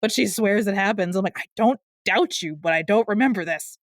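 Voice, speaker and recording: A woman's voice: fairly quick, dry recording. A woman with a mid-range voice, chatting as a podcast co-host. She talks through film lines in a loose, chatty way. The sound is close and dry. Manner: chatty, quotes film lines in bursts of higher pitch. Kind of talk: casual chat.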